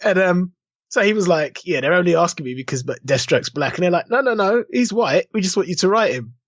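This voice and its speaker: A man's voice: sits high, expressive, a little fast, no echo. A man co-hosting a podcast, chatting casually and acting out quotes in different voices. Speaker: podcast co-host. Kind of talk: casual chat. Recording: dull lo-fi dry sound.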